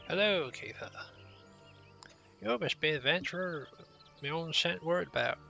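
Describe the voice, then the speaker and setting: A man reading the lines of a friendly woman who runs a ranch, in a made-up accent of his own, with a gravelly voice over game music. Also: a little high, animated, normal speed, pushed and bright, lo-fi sound, pitched above the performer's own voice, exaggerated voice. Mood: welcoming. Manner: reads the quest text aloud in a put-on accent of his own.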